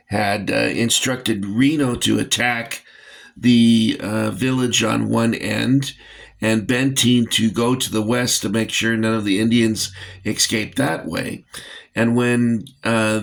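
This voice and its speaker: Slow gravelly guy rambling about toy soldiers, kinda winded, lots of uhs. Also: fairly low pitch. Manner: rambling, many fillers, dry jokes. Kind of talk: casual hobby review.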